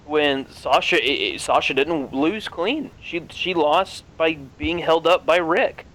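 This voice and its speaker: A man's voice: on the high side, slow pace, a bit bright, rough recording. Blunt, opinionated male podcast co-host. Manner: blunt, opinionated, swears freely. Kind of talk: casual chat.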